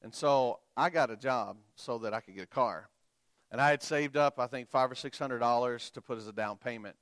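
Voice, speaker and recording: A middle-aged man preaching a sermon and telling a personal story, swinging between quiet, soft telling and loud, emphatic preaching. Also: mid-range voice, brisk, clear, resonant tone, dry recording, clean studio sound.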